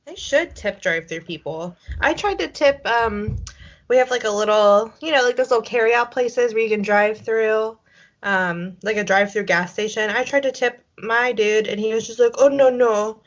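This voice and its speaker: A woman's voice: on the high side, normal speed. A young woman co-hosting a podcast in casual chat, rambling with constant fillers and casual swearing. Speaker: podcast co-host. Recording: dull lo-fi podcast audio.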